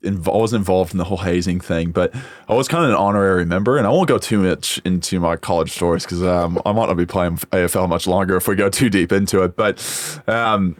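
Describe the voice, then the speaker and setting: A man's voice: low-pitched, a little fast, dry recording. A young man from the United States with a mixed American and Australian accent, telling stories loosely in casual chat full of fillers. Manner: laid-back storyteller, lots of fillers. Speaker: podcast host.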